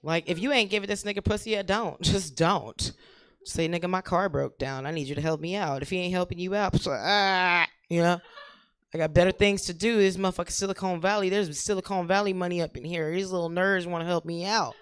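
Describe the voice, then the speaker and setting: A woman's voice: lowish voice, steady tone, a little fast, smooth. A woman doing a crude, profane stand-up set on a comedy club stage, talking straight to the crowd. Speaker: stand-up comic.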